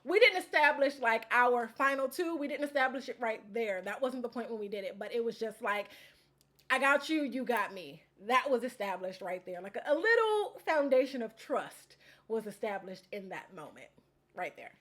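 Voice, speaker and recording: A young woman with a bright, high voice tells a casual recap straight to camera. She is lively and storytelling, often laughing and acting out what others said. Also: moderate pace. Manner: animated storytelling, acts out quotes, laughs often. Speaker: former contestant recapping a reality show.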